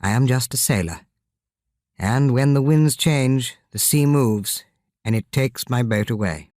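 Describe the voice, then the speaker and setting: A man voicing a gentle, sorrowful young king in a storybook reading, speaking softly and earnestly. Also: mid-range voice, unhurried, no room sound, clean studio sound, close to an everyday voice. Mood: sad, earnest. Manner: soft, earnest lines. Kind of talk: audiobook character reading.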